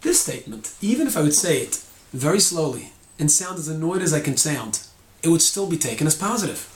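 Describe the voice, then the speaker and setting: A man's voice: fairly high pitch, animated, fast, roomy sound. A man teaching a short Torah lesson, explaining and acting out tones of voice.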